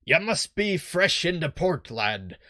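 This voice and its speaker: A man doing a gruff old boat captain. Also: a little high, very animated, slow pace, pushed and bright, dry recording, studio quality, voice pushed up, heavily acted. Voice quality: rough pirate-ish put-on voice. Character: gruff male harbor boat captain, weathered and wary.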